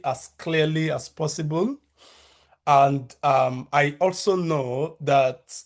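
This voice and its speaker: A man from Nigeria with a Nigerian accent talks at an unhurried pace over a video call, in a voice pitched slightly high for a man. He is a researcher and university lecturer who chooses his words with care, restarting phrases and filling pauses with "um" as he goes. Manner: measured, careful delivery with frequent fillers and restarts.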